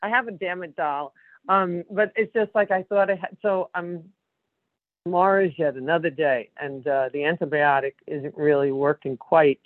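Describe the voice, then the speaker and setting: A worn-down woman calling into a support group from her apartment, talking in a weary, halting way and breaking off mid-sentence. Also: sits low, dry recording. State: worn down, emotionally drained. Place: condo apartment. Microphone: phone. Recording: tinny phone line.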